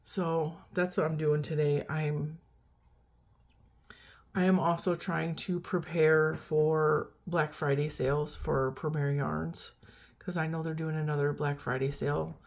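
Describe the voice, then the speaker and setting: A woman's voice: low voice, little pitch movement, measured pace, a little mellow. A middle-aged woman vlogging in a rambling, chatty, self-deprecating way, tired and yawning as she talks. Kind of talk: casual chat.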